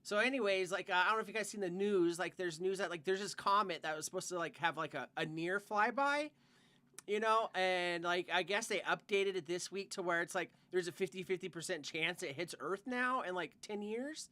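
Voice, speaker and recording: A man's voice: high voice, fairly quick, pushed and bright. A young man co-hosting a podcast, telling a rambling work story full of "like" and swearing in casual chat. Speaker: podcast co-host.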